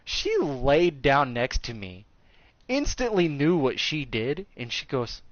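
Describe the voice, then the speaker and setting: A man in his thirties telling a crude, joking story in casual chat, animated and a bit coarse. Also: medium pitch, slow, dry recording. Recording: slightly dull recording.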